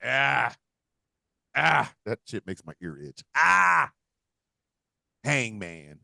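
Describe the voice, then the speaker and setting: A man's voice: mid-range voice, sing-song, extremely slow, vocal fry, pushed and bright, dry recording, studio quality. A man co-hosting a casual wrestling podcast, ranting with profanity and slipping into mock voices. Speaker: podcast co-host.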